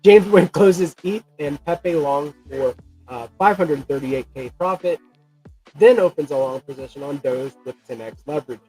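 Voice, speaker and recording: Male show host, slightly high voice, loose casual delivery with the odd curse, reads headlines and then banters. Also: warm tone, faint music behind, poor audio. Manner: loose, swearing, quick to laugh. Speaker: host of a crypto news show. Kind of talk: reading news headlines, then casual chat. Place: hot room with an air conditioner running nearby.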